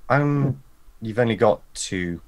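A man's voice: medium pitch, expressive, takes it slowly, a little mellow, no echo. A man playing a tabletop role-playing game, narrating his character's actions in third person. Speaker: player.

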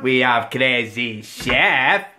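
A man hosting a playful home cooking video with his children, boisterous and given to shouted catchphrases. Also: medium pitch, lively intonation, drawn-out words, very noisy. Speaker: home cooking show host and dad. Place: home kitchen, indoors.

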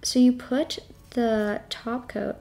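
A woman's voice: a little high, flat delivery, takes it slowly, gravelly, dark tone. A woman beauty vlogger chatting casually through a product tutorial, filling her talk with "like" and playing up her reactions, sometimes dropping to a whisper while concentrating. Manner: chatty, filler-heavy, self-dramatizing.

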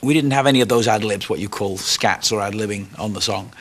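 A man being interviewed, telling stories about his past in a reflective, unhurried way. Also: fairly low pitch. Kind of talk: reminiscing interview.

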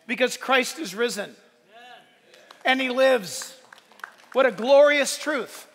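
A male pastor preaching a sunrise service sermon, animated and shouting at the high points, with joking asides. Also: takes it slowly, pauses often, big-room sound, a faint crowd, slight background noise.

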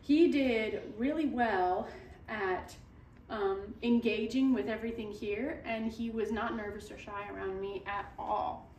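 A woman's voice: fairly high pitch, steady tone, a little slow, a little mellow, slight background noise. A woman who breeds dogs, talking through a puppy's temperament test and cooing at it in baby talk. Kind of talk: casual commentary while handling a puppy. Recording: echoey room, from a distance.

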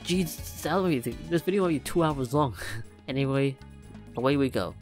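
A man's voice: mid-range voice, normal speed. A man, a YouTuber, reacting casually to game cutscenes, laughing often and exclaiming as he trips over his words. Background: game music.

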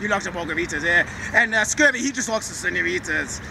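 A man puts on a silly pirate with a very high, squeaky voice who rambles, forgets himself and chats to his rats. He sounds far from the mic, outdoors, with clear street and traffic noise around him. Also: lively intonation, fast. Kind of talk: improvised comic pirate character sketch.

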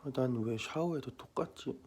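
A young Korean-accented man talks rapidly through his day for a vlog, mumbling quick asides to the camera. His pitch sits in a middling range. There is noticeable noise behind him. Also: reverberant. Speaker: vlogger. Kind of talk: casual vlog chat.

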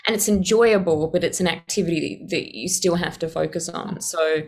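A young woman with an Australian accent answers interview questions. Her voice is on the low side. She speaks plainly and thoughtfully. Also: normal speed, vocal fry. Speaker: actress, interview guest.

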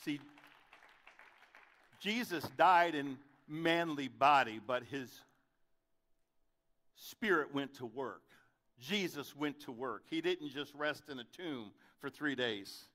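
Bright-voiced pastor preaching with drama. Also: male voice, animated, takes it slowly, a faint crowd. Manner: dramatic, swings from loud questions to soft low delivery. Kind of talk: sermon.

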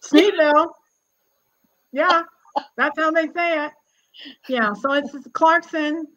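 Brief: sixties woman, genealogist guest, lively storyteller, slightly high voice, lo-fi call audio. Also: slow. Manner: lively, chatty, laughs often. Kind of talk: casual storytelling conversation.

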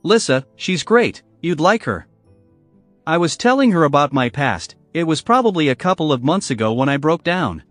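A man's voice: a little high, big pitch swings, normal speed, fairly bright tone, dry recording, soft background music. A man narrating a story and voicing a remorseful, tearful man pleading with his old friend, in an earnest, choked way.

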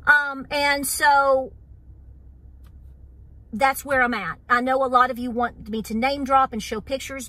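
A middle-aged woman with an East Tennessee accent talks straight to her viewers on her homestead vlog. Her voice sits a little high and sounds bright and forceful. She is earnest and wound up, says y'all and keeps coming back to "here's the deal.". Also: fairly even intonation, normal speed. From Southern Appalachia. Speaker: homestead channel host. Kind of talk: casual vlog talk to viewers.

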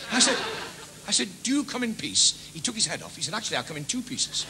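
Liverpool man doing stand-up, high voice, bouncing pitch, noisy stage recording. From England. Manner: quick gag delivery with sudden shouted character voices. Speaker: stand-up comedian. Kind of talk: stand-up comedy routine.

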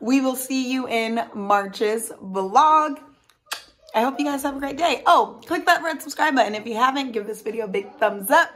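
A woman's voice: high-pitched, normal speed, a bit bright. A woman vlogging her day at home as a homeschool mom, talking in a chatty, rambling way. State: out of breath after workout. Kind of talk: casual vlog chat. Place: home garage gym.

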